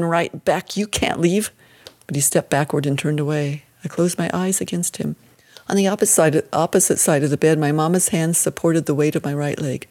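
A woman narrates a first-person story in the manner of an audiobook. Her voice sits a bit low, and her reading is steady and measured.

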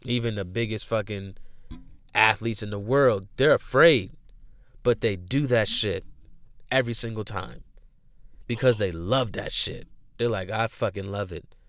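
Young male podcast host, smooth voice, slangy, profane, repetitive motivational rant. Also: fairly low pitch, a little slow, pauses often, fairly bright tone, no echo. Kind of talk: casual motivational talk.

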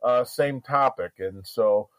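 A man's voice: medium pitch, slow pace, no room sound. Guy guesting on a podcast, mid voice, rambly with lots of uhs, dry close sound. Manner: rambling, many fillers and restarts. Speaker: guest comedian. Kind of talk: casual podcast interview.

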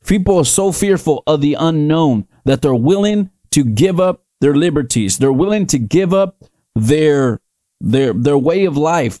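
A man's voice: on the high side, dark tone, no echo. Guy preaching on his podcast, emphatic and repetitive, dry close sound. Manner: emphatic, repetitive, rising into fervent declarations. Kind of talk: preaching commentary.

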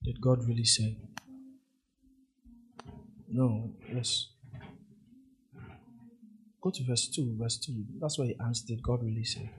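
A man's voice: medium pitch, steady tone, takes it slowly, long pauses, breathy edge. A man preaching a sermon as pastor, hammering key phrases through repetition and drawing the congregation in to repeat and answer.

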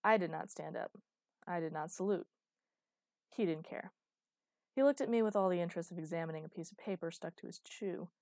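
Woman narrating fiction, lowish dry voice. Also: fairly quick, vocal fry, pauses often, a little mellow, no echo. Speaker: audiobook narrator. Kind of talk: first-person fiction narration.

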